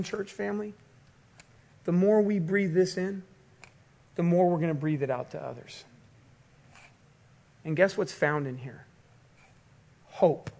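A man's voice: sits high, gravelly, dark tone. A man, a pastor preaching a fervent sermon with rhythmic, repeated phrases.

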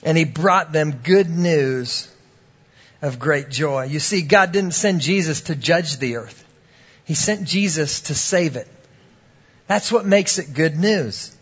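Storytelling preacher, higher male voice. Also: takes it slowly, slightly rough, muffled recording. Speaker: pastor. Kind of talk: sermon.

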